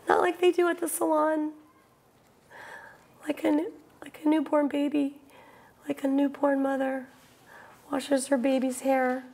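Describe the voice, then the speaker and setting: A woman's voice: sits high, little pitch movement, measured pace, gravelly, long pauses, a little mellow. A woman performing a wry, breathless theatrical monologue from a solo stage show.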